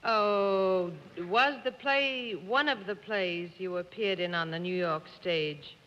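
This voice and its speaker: A woman with a very bright, clear voice teases and questions a guest on a 1950s panel game. The sound is dull and hissy, with the reverb of a studio hall. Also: medium pitch. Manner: playful and quick-witted. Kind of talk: quiz questioning on a TV panel show.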